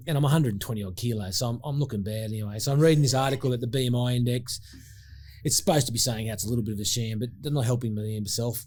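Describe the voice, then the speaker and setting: A man's voice: mid-range voice, darkish tone. An Australian man, a former rugby player, telling a rambling, self-mocking story between laughs. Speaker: guest, former rugby prop. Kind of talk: casual storytelling.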